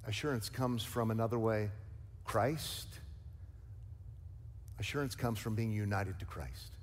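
A man's voice: on the low side, a little slow, big-room sound. A male pastor preaching a sermon, emphatic and conversational, with light jokes and asides. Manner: emphatic preaching with rising, forceful stresses.

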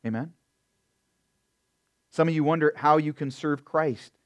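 A middle-aged pastor delivers a sermon in an unhurried, fairly high-pitched voice. He's emphatic, swinging from loud, stressed words to quiet asides, and keeps addressing his listeners as "beloved."

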